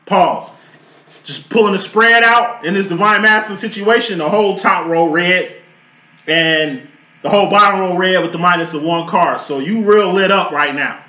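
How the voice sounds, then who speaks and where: High, bright-voiced man. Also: normal speed, roomy sound, muffled recording. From Chicago. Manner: profane, rambling, bursts into loud outbursts. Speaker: tarot reader. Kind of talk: casual tarot reading talk.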